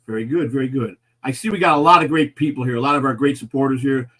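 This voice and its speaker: A man's voice: mid-range voice, fast talker, a bit bright. A man hosting a live comedy talk show, talking casually with lots of fillers and restarts. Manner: rambling, filler-heavy. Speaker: host.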